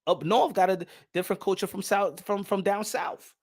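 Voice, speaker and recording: A man's voice: high-pitched, fairly even intonation, moderate pace. A man from New York with a New York accent, talking in a loose, profane, laughing monologue as a boxing channel host. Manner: loose, swearing, laughing often.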